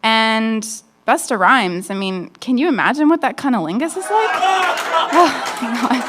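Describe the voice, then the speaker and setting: A woman's voice: on the high side, sing-song, a little slow, a loud crowd, very noisy. A woman performing a stand-up comedy set on a nightclub stage into a handheld mic, with a brash, frank, conversational delivery.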